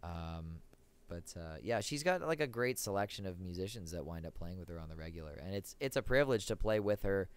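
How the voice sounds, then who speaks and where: Young guy on a podcast, smooth clear voice, animated storyteller. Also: low-pitched, fairly quick. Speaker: podcast guest, musician. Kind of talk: casual podcast chat.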